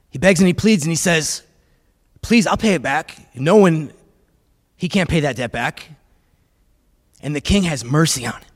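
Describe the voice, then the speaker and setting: A high-pitched man preaching a sermon, lively and repetitive, calling for the congregation to answer back. His voice rings through the long reverb of a church sanctuary. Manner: animated preaching with call-and-response and repetition. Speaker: pastor.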